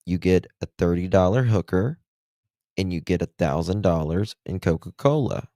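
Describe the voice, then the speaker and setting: Deep-voiced sarcastic male host. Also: expressive, moderate pace, dark tone, no room sound, clean studio sound. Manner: sarcastic, taunting. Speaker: live stream host. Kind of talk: mocking live commentary.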